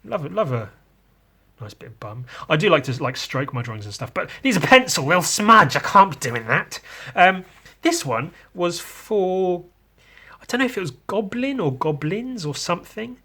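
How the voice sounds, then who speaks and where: A man's voice: high-pitched, sing-song, normal speed, sharp tone, breathy edge. A man hosting a podcast in casual chat, joking crudely and rambling as he talks. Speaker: host.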